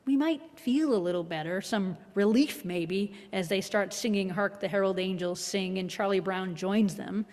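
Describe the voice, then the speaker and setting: A woman minister giving a reflective, measured sermon with a gently wry touch. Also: medium pitch. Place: worship hall. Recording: long hall reverb.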